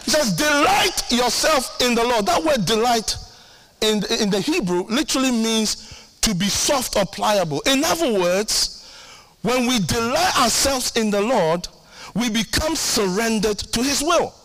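High, bright-voiced animated preacher man. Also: measured pace. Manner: animated, emphatic preaching with repeated lines; humorous asides acting out his own prayers. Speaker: pastor. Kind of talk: sermon.

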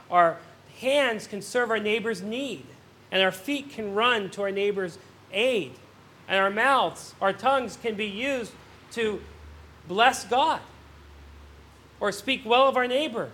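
A male pastor preaching a sermon, earnest, swelling on emphatic questions and dropping soft on somber points, often repeating words as he restarts phrases. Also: high voice.

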